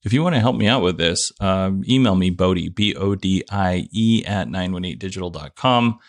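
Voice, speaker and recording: A man's voice: sits low, moderate pace, dry recording. A man hosting a casual solo podcast, from the United States, giggling and fighting off laughter as he talks. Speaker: podcast host.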